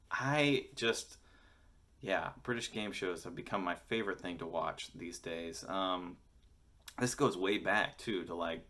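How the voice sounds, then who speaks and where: Low-voiced American guy gushing profanely. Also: a bit bright. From United States. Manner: enthusiastic, rambling, swears often. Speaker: vlogger. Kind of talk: casual chat to camera.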